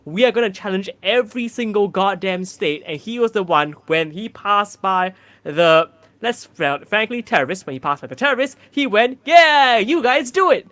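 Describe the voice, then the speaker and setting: A man's voice: high-pitched, expressive, normal speed, hardly any pauses, pushed and bright, no echo. A man from Singapore, a guest comic, ranting crudely and sarcastically on a comedy panel.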